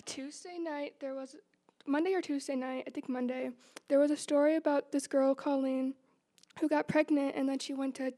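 High, mellow-voiced teenage girl at church. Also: fairly even intonation, normal speed. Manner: reads prepared remarks, earnest. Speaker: youth group member. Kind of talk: church testimony.

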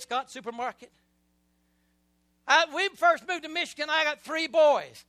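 A middle-aged male pastor preaching with passion, swinging between soft passages and loud surges and calling on the congregation to repeat after him. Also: very high-pitched, fairly quick, no echo. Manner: impassioned preaching with call-and-response. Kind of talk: sermon.

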